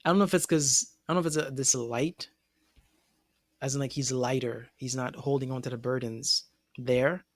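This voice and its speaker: Guy thinking out loud on an anime podcast, mid-range voice, dry sound. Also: mid-range voice, fairly even intonation, normal speed, no room sound. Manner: musing, hesitant, with restarts. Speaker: anime discussion podcast co-host. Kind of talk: casual chat.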